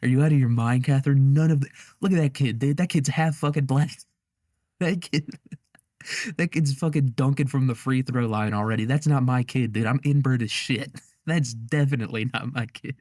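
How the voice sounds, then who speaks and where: A man putting on the voice of an indignant young emperor who shouts accusations at his wife. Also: mid-range voice, drawn-out words, dry recording, studio quality, pitched above the performer's own voice. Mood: outraged. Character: indignant young male emperor, jealous husband.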